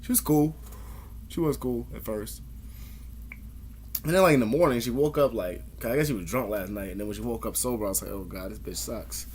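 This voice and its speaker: A man's voice: medium pitch, brisk, slight background noise. A man vlogging in a rambling, profane monologue, laughing as he goes and mimicking other people's voices while he tells stories. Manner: profane, laughs often, imitates others mid-story.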